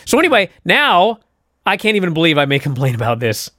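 A man co-hosting a casual wrestling podcast, telling a story and acting out the quotes with lively swings. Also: on the high side, a little fast, no echo, clean studio sound. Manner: animated storytelling, acts out quotes. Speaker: podcast co-host.

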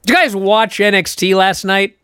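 A man co-hosting a casual wrestling podcast, telling a story and acting out the quotes with lively swings. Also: high voice, moderate pace, clean tone, no room sound, studio quality. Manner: animated storytelling, acts out quotes. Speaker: podcast co-host.

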